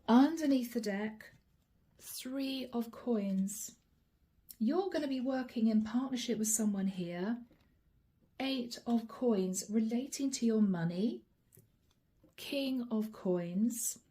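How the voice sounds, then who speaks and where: A woman giving a channeled tarot reading straight to her viewers, chatty and friendly, slowing down to name each card. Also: fairly high pitch, warm tone. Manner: chatty, addresses viewers directly, slows to name cards. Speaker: tarot reader.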